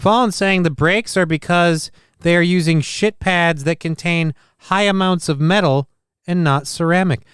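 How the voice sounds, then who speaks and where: A man's voice: high-pitched, moderate pace, a bit bright, clear, resonant tone, no echo. A man hosting a live stream, reacting to videos with sardonic, profane jokes. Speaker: show host.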